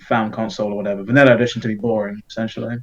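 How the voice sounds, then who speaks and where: A man's voice: lowish voice, little pitch movement, rapid-fire. Rambling podcast guest, a man, dull sound. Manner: rambling, full of fillers and restarts, casual swearing. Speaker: podcast guest, video creator. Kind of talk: casual podcast chat.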